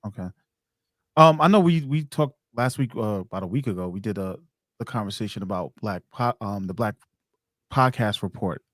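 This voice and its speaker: A man's voice: lowish voice, moderate pace, fairly bright tone, no room sound, clean studio sound. A man with a New York accent interviewing a guest in a casual, easygoing way, joking and chiming in with short replies. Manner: easygoing, jokes and laughs, backchannels.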